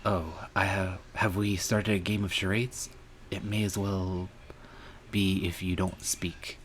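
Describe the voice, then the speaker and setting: Deep-voiced man reading a game aloud. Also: little pitch movement, slow, slight background noise. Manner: earnest, emotional reading with some angry outbursts. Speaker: streamer. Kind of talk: reading a visual novel aloud.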